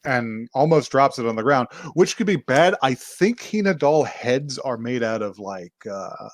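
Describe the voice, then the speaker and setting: Male podcast co-host, mid pitch, casual rambling recap, dry close mic. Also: expressive, unhurried, dry recording. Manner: rambling, laughs often, many fillers and restarts. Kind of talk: casual chat recapping an anime.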